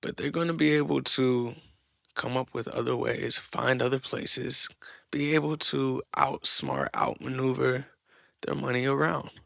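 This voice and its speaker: Gravelly, blunt man ranting. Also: mid-range voice, lively intonation, a little slow, bright, forceful tone, dry recording, studio quality. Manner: blunt, profane, mocking rants. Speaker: podcast host. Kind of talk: opinionated solo monologue.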